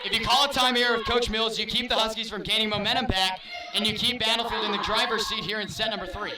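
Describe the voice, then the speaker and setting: A man's voice: high voice, fairly even intonation. A man calling a volleyball game play by play from a booth in a school gym, raising his voice as he loses it. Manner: rapid, raised play-by-play calling. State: losing his voice. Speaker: play-by-play announcer. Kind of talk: live sports commentary. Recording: distant mic, loud crowd noise. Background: loud cheering crowd.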